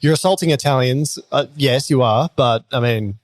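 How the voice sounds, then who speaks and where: A man's voice: mid-range voice, moderate pace, no echo. An Australian man hosting a casual chat, blunt and jokey as he rants. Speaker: podcast host.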